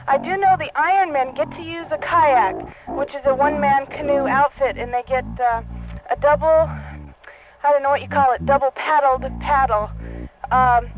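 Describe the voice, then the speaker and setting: A woman gives a live radio report while still out of breath, her voice high and lively. The dull, distant link carries music beneath her.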